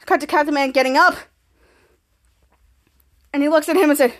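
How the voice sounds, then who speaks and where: A woman hosting a podcast, excitedly retelling a TV episode scene by scene and quoting the characters' lines. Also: high-pitched, brisk, pauses often. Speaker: podcast host. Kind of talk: casual episode recap.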